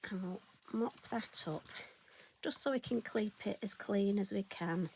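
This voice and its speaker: A woman's voice: mid-range voice, a little slow, a little mellow, a little hiss or hum. A middle-aged woman with a chatty, self-deprecating manner, hosting a card-stamping tutorial and talking to viewers as she works. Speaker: craft tutorial host.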